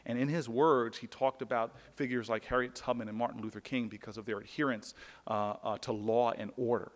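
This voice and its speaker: A man's voice: medium pitch, steady tone, a little fast. Man, public speaker, earnest storytelling, restarts often, long hall reverb. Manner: earnest, with frequent restarts and repeated words. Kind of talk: personal storytelling speech.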